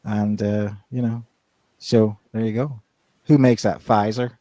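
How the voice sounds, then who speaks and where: A man's voice: lowish voice, fairly even intonation, a little slow, mellow, no room sound. A man co-hosting a podcast in casual chat, rambling with many restarts and fillers. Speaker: podcast co-host.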